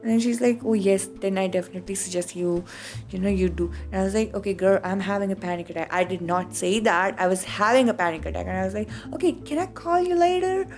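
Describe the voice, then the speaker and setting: A woman from India with an Indian accent, hosting a podcast and telling a personal story in a casual, animated way, acting out both sides of conversations. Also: medium pitch, fast talker. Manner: animated, acts out both sides of quoted dialogue, frequent swearing. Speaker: podcast host.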